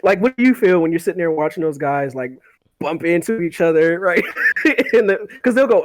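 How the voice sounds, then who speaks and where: A man's voice: fairly high pitch, expressive, a little fast, no echo. A man hosting a casual podcast chat who rambles, laughs often and repeats his words. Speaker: podcast host.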